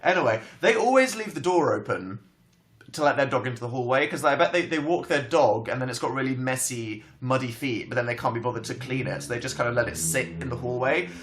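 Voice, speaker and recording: A young Englishman chats casually on a livestream from home, his pitch leaping all over the place. His bright, forceful voice suits his dramatic, self-mocking storytelling. He talks as if he is with friends. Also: lively intonation, a little fast. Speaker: livestream host. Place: home, indoors.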